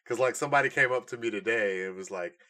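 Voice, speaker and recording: A man's voice: medium pitch, fast, sharp tone. A man co-hosting a casual podcast chat, laughing often and quoting movie lines. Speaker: podcast co-host. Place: hot room at home.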